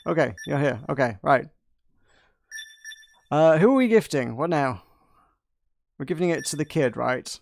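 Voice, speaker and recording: A man's voice: on the high side, animated, unhurried, gravelly, pauses often, no room sound, clean studio sound. A man playing a video game with a friend, chatting casually and reading the on-screen game text aloud. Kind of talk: casual let's-play chat.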